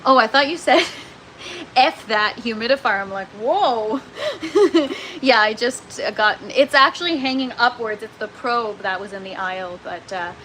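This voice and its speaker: A woman's voice: a little high, animated, unhurried, sharp tone, a little hiss or hum, rough recording. A Canadian woman chatting casually with viewers on a gardening livestream, self-mocking and laughing often, sounding tired. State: tired from lack of sleep. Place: indoor grow tent.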